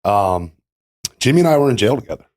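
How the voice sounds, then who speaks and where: Podcast guest, male, lowish voice, earnest and halting, lots of fillers. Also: sing-song, a little mellow, no room sound. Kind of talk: casual conversation about recovery.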